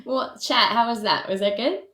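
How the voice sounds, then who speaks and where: A woman's voice: a little high, moderate pace, a bit bright, echoey room. A woman from the American South with a Southern accent, a guest on a casual podcast chat, talking playfully and giggling often. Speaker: podcast guest, streamer and voice actor.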